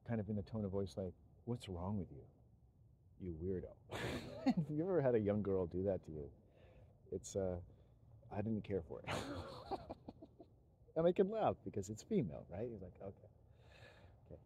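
Low, dark-voiced man rambling with restarts. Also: sing-song, breathy edge, muffled recording. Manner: meandering, halting, frequent restarts and chuckles. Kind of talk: rambling monologue.

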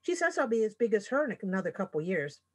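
A woman's voice: medium pitch, very animated, quick pace, husky. A woman voicing a shy, clumsy young male griffin cub with a timid, polite, stammering way of talking.

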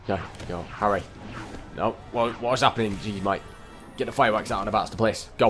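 Young male let's-player, lowish voice, chatty and excitable, faint music underneath. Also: fast talker. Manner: excitable, rambling, talks to the game characters. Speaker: gameplay commentator. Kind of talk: casual let's-play commentary.

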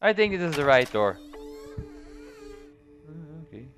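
A man's voice: on the high side, very animated, a little slow, a bit bright. A man playing a horror game on his channel, swearing, shrieking in panic and laughing nervously. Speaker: let's play host. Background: game music.

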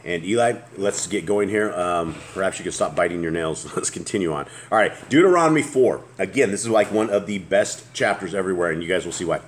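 Low-voiced man leading a scripture study. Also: brisk, few pauses, a little hiss or hum. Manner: reads verses aloud and comments, chatty. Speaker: host of a Torah study show. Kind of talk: casual scripture study discussion.

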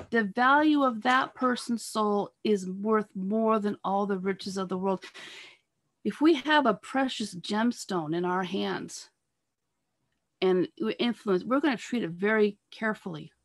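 A woman giving an earnest sermon over a video call, pressing her listeners with repeated rhetorical questions and halting now and then on fillers and restarts. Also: mid-range voice. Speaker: speaker at a church talk on marriage.

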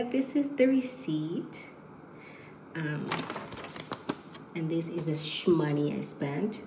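A woman chatting excitedly to her vlog viewers from home, with lots of fillers and asides. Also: sits low, echoey room, noisy background. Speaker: vlogger. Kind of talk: casual vlog chat.

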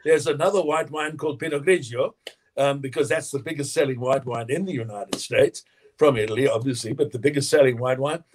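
A man, a winemaker guest in an interview, telling lively anecdotes and acting out quotes with frequent laughter. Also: medium pitch, fairly quick, a little hiss or hum. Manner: animated storyteller, acts out quotes, laughs often.

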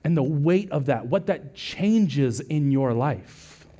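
A man's voice: on the high side, slow. A male lead pastor preaching a sermon in a conversational, storytelling way, often asking "right?" and acting out quotes. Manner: animated storytelling with acted-out quotes; conversational, frequent "right?" asides.

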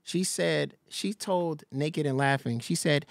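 A man hosting a live stream, telling gossip in a casual, animated way and laughing often. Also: on the high side, unhurried, gravelly, hardly any pauses, no echo, studio quality. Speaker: live-stream reaction host.

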